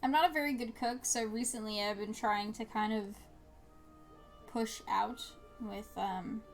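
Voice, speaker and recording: Young woman streamer, slightly high voice, rambling casual chat over faint game music. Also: steady tone, measured pace. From New Jersey. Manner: chatty and rambling, frequent fillers and little laughs. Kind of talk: casual chat while gaming.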